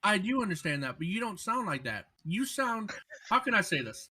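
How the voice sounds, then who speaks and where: A man's voice: high voice, very animated, normal speed, bright, forceful tone, breathy edge. A man co-hosting a casual podcast, talkative and teasing with lots of banter. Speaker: podcast co-host.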